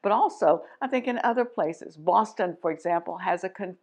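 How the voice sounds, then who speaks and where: A woman's voice: lowish voice, lively intonation, moderate pace, a little mellow. A middle-aged woman from Texas, an educator explaining literature themes to teachers, thoughtful and emphatic with frequent restarts and asides. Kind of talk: teaching talk to camera.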